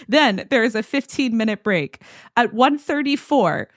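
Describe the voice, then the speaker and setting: A woman podcast host telling a gossip story in an animated way, acting out text messages and conversations. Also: a little high, unhurried, no echo, studio quality.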